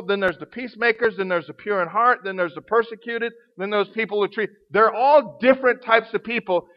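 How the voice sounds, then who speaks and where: A man teaching from the Bible in a sermon, conversational and slowing down to stress key words. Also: sits high. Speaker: preacher. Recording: dull lo-fi recording.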